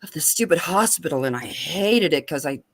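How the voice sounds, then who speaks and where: A woman with a lowish voice tells a personal story with lively, animated energy. Her delivery is casual and expressive. The sound is dry and close, with no room echo. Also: normal speed. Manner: lively, animated retelling with laughter. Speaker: open mic guest.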